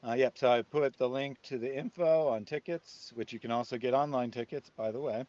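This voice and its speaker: A man's voice: mid-range voice, fairly quick, a little mellow. A man co-hosting a livestream in casual chat, laid-back and joking, chuckling often. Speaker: co-host of a livestream. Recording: dry, slightly muffled stream audio.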